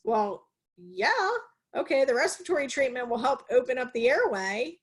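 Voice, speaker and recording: A woman with a fairly high voice teaches nursing students in a live online class over a video call. She talks with energy, puts questions to the class and then answers them herself. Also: sing-song, normal speed, husky. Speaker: nursing instructor.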